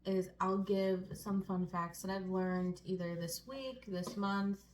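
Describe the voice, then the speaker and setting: A woman's voice: medium pitch, steady tone, takes it slowly, darkish tone, a little hiss or hum. Chatty young woman co-hosting a casual talk. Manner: chatty, many fillers and laughs. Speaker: co-host. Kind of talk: casual sit-down chat.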